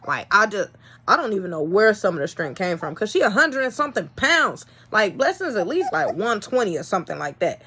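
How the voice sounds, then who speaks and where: A young woman breeder telling a casual vlog story in an animated, exasperated way, swinging between loud and soft. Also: medium pitch, brisk, a little hiss or hum. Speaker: dog breeder.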